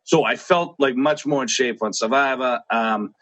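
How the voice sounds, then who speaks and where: A man's voice: mid-range voice, normal speed, a bit bright. A man with a Boston accent, a podcast guest telling race stories in casual conversation and laughing often.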